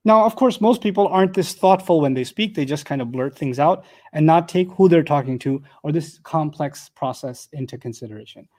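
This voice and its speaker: A man's voice: on the high side, animated, brisk, hardly any pauses, a little mellow. A man teaching a live class, explaining step by step and asking the room rhetorical questions, with joking asides.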